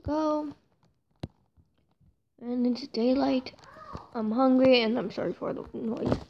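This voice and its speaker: Woman, casual gameplay commentator; higher voice with vocal fry; rambling, self-deprecating; muffled lo-fi home recording. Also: slow, background noise. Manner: chatty, self-mocking, often apologizing. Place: home room with noisy brothers and a cat.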